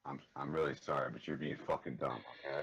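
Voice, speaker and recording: A man's voice: rumbling low, steady tone, fast talker, fairly bright tone, rough recording. A man on a call, brash and profane, drawling through prank-call banter. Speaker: caller.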